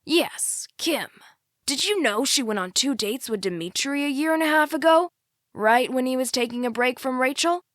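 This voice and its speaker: A woman's voice: high voice, animated, moderate pace, a bit bright, dry recording, studio quality, pitched above the performer's own voice. A woman voicing a middle-aged male small-town sheriff who speaks in a suspicious, insinuating way, in an audiobook.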